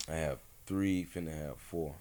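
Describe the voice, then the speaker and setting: A man's voice: rumbling low, moderate pace, dark tone. A man, a rapper guest on a casual podcast interview, telling stories in a laid-back, slangy, rambling way. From Atlanta, USA.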